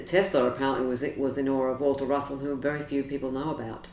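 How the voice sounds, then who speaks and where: A woman's voice: very deep voice, level tone, fast talker, a little mellow. A woman, an astrologer being interviewed, telling stories with eager, wandering enthusiasm. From Australia. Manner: enthusiastic, digressive storytelling. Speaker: astrologer guest. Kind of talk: interview conversation. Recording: roomy, distant mic with faint noise.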